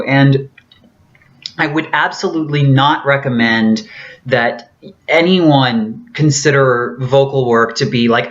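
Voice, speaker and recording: Earnest woman vlogger, dull lo-fi audio. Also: rumbling low. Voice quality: theatrically trained voice. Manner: earnest, explanatory, many fillers. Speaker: vlogger teaching voice training. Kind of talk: casual spoken tutorial.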